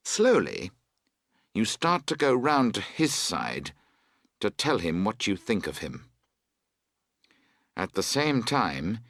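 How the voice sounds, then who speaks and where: A man narrating a story for English learners in a slow, expressive reading. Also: lowish voice, no echo, clean studio sound. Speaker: audiobook narrator.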